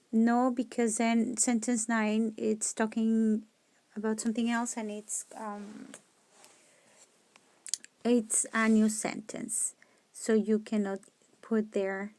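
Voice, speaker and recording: A woman's voice: a little high, darkish tone, dry recording. A woman teacher working through grammar test questions aloud, rereading sentences and correcting herself as she reasons. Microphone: screen-recording mic on a tablet.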